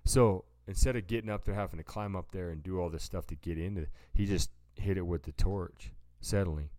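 A man's voice: low-pitched, a little fast, darkish tone, dry recording, studio quality. A man co-hosting a podcast in casual chat, rambling through stories and acting out what people said. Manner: rambling storyteller, acts out quotes, says "dude". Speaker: podcast co-host.

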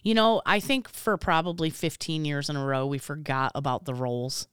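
A woman with a low, very smooth voice, chatting in a relaxed way and swearing lightly as she goes. She is a podcast co-host, recorded dry and close. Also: moderate pace, no echo. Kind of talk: casual chat.

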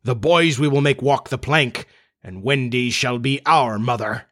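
Man playing a brooding pirate captain, slow, commanding, heavy, storybook. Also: medium pitch, a bit bright, natural voice.

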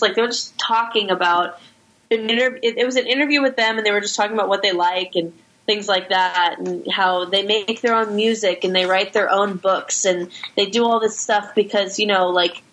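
A woman hosting a casual podcast chat, talking loosely with quick asides and frequent swearing. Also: mid-range voice, a bit bright, slight background noise, rough recording.

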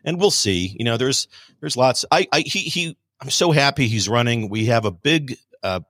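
A man's voice: medium pitch, lively intonation, moderate pace, fairly bright tone, no echo. A man talks as a guest on a political talk show, emphatic and rambling, often restarting his sentences. His voice sits in the middle range. The sound is dry and close. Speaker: guest author.

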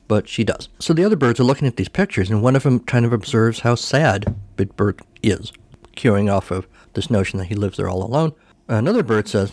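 A man's voice: fairly low pitch, fairly quick, a little mellow, dry recording. A man hosting a podcast, recapping a film casually in a rambling, self-correcting way. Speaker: podcast host.

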